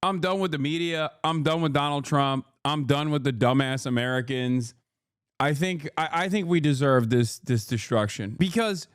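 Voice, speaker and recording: Political streamer, male, exasperated and sweary, high-pitched, dry and close-miked. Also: expressive, moderate pace, clean tone, dry recording. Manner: profane, exasperated, mocking mimicry. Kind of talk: heated commentary reacting to news clips.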